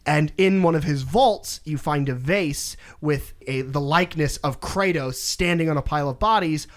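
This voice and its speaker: A man's voice: on the high side, normal speed. A young man co-hosting a casual podcast, animatedly retelling a video game story and acting out the characters' lines. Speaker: podcast co-host.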